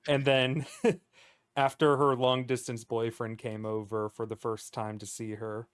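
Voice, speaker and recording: A man co-hosting a casual podcast chat, giggling as he tells a quick anecdote. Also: medium pitch, flat delivery, noisy background. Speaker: podcast co-host.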